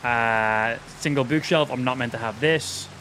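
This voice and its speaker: Live-streaming a video game, a man chats casually about what he's doing and swears freely when things go wrong. His mid-range voice is unhurried, pushed and bright, with a little hiss or hum.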